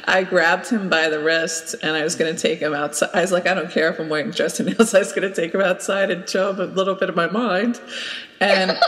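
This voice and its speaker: A woman's voice: fairly low pitch, a bit bright, long reverb tail. A woman hosting a podcast, chatting casually and telling a story with lots of laughter. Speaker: podcast host. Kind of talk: casual chat and anecdote.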